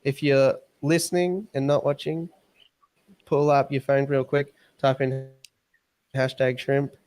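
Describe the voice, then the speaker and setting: A relaxed Australian man hosting a casual live stream. He speaks at a middle pitch and rambles easily through his thoughts, with plenty of little restarts. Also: unhurried.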